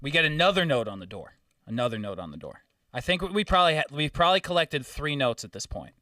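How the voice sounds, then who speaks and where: A young man hosting a podcast, telling a story in casual chat, swearing often and getting animated. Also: fairly high pitch, fast talker, no echo, studio quality, far from the mic. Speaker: podcast host.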